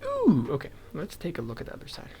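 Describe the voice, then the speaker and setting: His pitch swoops wildly in a slightly high, somewhat mellow voice with a breathy edge, and he talks at a quick pace. A young male vlogger, he crochets while chatting, counting stitches aloud, chasing tangents and chuckling frequently.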